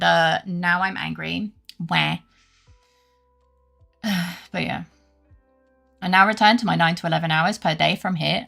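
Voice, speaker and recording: A British woman talks to her live viewers in a loose, rambling way, swearing freely and poking fun at herself. Her voice is bright and sharp, with a gravelly crackle at the ends of phrases. Soft music plays quietly behind her. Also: fairly low pitch. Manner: rambling, sweary, self-deprecating, laughs often. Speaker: live streamer. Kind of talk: casual chat with live viewers.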